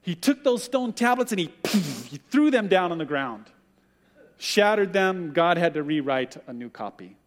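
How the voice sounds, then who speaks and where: Male pastor, sermon; higher voice, acts out quotes with animation; long room reverb. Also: big pitch swings, moderate pace.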